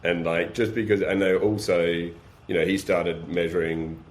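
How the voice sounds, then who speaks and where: Deep-voiced man explaining with energy. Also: moderate pace, slight background noise. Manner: energetic, explains with practical examples and rhetorical questions. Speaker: guest, beef supply chain business. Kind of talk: casual podcast conversation.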